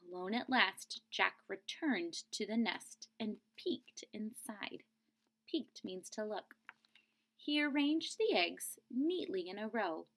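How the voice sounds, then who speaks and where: Woman teacher, storybook read-aloud lesson, expressive, slow, very animated, slightly high voice. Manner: expressive, explains word meanings to children.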